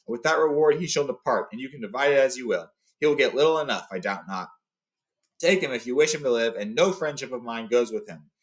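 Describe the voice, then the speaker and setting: A man voicing a proud, furious male dwarf king who shouts in anger while reading a story aloud. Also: medium pitch, lightly acted, low-quality recording. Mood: bitter. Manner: shouting, wrathful.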